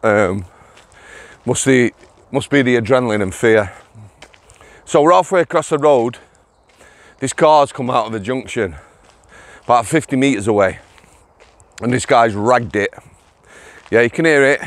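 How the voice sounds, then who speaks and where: A middle-aged man talks casually to his phone camera while out walking. He keeps breaking into giggles and addresses his viewers directly. His voice sits at an ordinary pitch, recorded close and dry. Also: a little slow, long pauses, no room sound. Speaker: vlogger, former prison officer. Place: outdoors on a walk.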